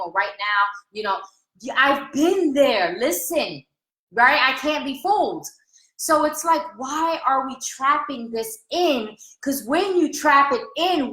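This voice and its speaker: A woman's voice: high-pitched, a bit bright, reverberant, low-quality recording. A woman coach giving a frank, casual motivational talk to her followers, acting out her own doubts in quoted inner voices. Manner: frank and casual, with occasional swearing.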